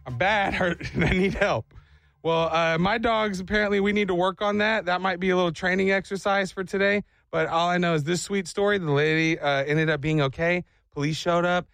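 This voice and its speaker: A man's voice: sits high, fairly even intonation, fairly quick, creaky, few pauses, a bit bright, clean tone, no room sound. A man hosting a morning radio show, joking playfully and slipping into silly voices. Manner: playful, acts out silly dog and owner voices.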